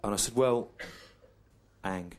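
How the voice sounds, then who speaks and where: A middle-aged English man doing a deadpan stand-up routine, telling a slow, repetitive story on a theatre stage. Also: low voice. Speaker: stand-up comedian. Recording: clear audience noise behind. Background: audience laughter.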